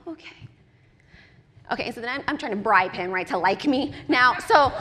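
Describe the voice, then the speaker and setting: A woman preaching at a church service with lively, personal storytelling. Her high voice sounds bright and forceful, and she often laughs along with her own stories. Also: fairly quick, big-room sound. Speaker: guest speaker at a church. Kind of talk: sermon.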